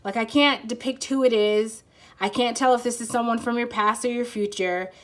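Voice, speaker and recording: A woman's voice: on the high side, steady tone, moderate pace. A woman giving a casual pick-a-card tarot reading, rambling and giggly as she searches for words.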